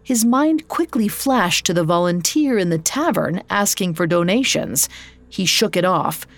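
Slow, measured woman narrating a ghost story. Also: on the low side, lively intonation. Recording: soft background music.

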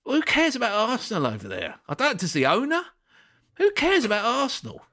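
Animated, ranting man. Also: very high-pitched, brisk. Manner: ranting, exasperated. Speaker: football podcast co-host. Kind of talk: casual chat.

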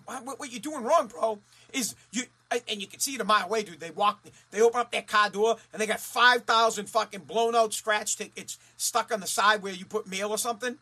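A man from Massachusetts in a profane, heated rant who swears constantly, repeats himself and rises to shouting. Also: sits high, fast talker, hardly any pauses, slightly rough. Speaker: ranting commentator.

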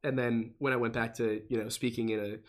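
A young man co-hosting a podcast livestream, bantering in a relaxed way with his co-host. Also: medium pitch, a little fast. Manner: relaxed banter, many fillers and restarts. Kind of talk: casual livestream chat.

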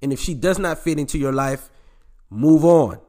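A male podcast host talks in a casual, blunt monologue at a middle pitch. He lectures his male listeners directly and doesn't soften anything, and he swears as he gets more raw. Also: fast.

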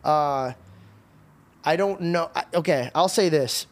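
A young man hosts a casual podcast, recounting a story with an animated delivery. He sits a little high in pitch and slips into mimicry for each person he quotes, swearing now and then as he goes. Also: slow. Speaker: podcast host.

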